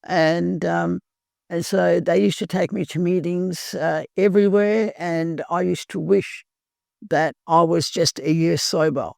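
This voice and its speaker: Gravelly woman telling her story. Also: on the low side, steady tone, measured pace, darkish tone, dry recording, studio quality. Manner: earnest, plain-spoken. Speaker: guest sharing recovery story. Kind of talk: personal storytelling.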